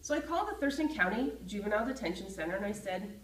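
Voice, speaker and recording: Woman storyteller, lively, personal, mid-pitched, recorded at a distance in a roomy space. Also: quick pace. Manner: lively, acts out her own feelings. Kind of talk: personal story told to camera. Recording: roomy echo, voice from a distance from the mic.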